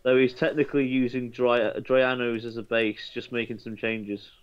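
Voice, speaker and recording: A man chatting alongside a gameplay host, reading out comments from viewers. He talks hesitantly, with plenty of ums and half-finished words. His voice has a plain, middle pitch. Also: flat delivery, normal speed, smooth, lo-fi sound. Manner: relays comments, hesitant with fillers. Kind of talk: casual gameplay chat.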